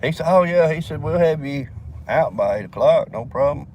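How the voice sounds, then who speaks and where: A man's voice: on the high side, lively intonation, moderate pace, darkish tone. A man telling a rambling, profane story to his phone camera, quoting others as he goes. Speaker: vlogger. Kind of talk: casual storytelling vlog. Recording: noisy phone recording near traffic.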